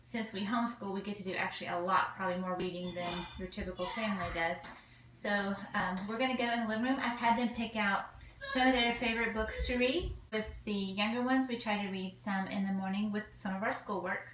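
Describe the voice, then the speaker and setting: A woman's voice: mid-range voice, fairly even intonation, a little fast, fairly bright tone. Southern US woman, thirties, homeschooling mom vlogging casually, folksy and chatty, roomy home sound with faint hum. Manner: chatty, folksy, frequent ums and uhs. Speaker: vlogger, homeschooling mother of five. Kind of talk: casual chat to camera. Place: home, indoors.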